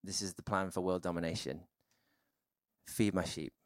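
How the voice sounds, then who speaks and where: A man preaching a sermon in a relaxed, conversational way, with many fillers and restarts. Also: low voice, normal speed, dry recording, clean studio sound.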